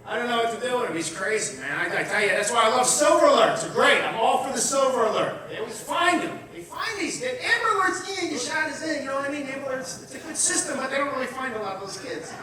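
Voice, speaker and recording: Brash middle-aged comic doing profane stand-up; very high voice, booming echo, mic far off, audience audible. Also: male voice, lively intonation, fast talker, hardly any pauses, a crowd in the background. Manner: brash and profane, breaking into shouts. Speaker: stand-up comedian. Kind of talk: stand-up comedy set. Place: comedy show venue. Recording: echoey room, distant mic, audience.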